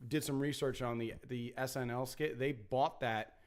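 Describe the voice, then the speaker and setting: A man's voice: medium pitch, moderate pace. A young man hosts a podcast in loose, casual chat. He rambles through his stories with plenty of fillers and an easy, friendly pace. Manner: relaxed, rambling storyteller with many fillers. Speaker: podcast host.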